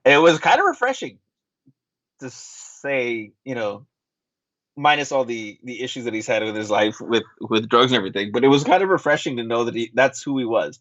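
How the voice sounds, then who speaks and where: A man's voice: medium pitch, animated, a little fast, a bit bright, dry recording. Rambling man with dull lo-fi sound. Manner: rambling storyteller with frequent fillers. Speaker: podcast co-host. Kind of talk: casual chat.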